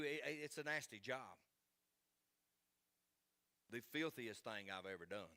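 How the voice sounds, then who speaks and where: A man's voice: medium pitch, expressive, takes it slowly, pushed and bright, no echo. A man, preaching a sermon in an earnest, folksy way and repeating key phrases for emphasis. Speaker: pastor.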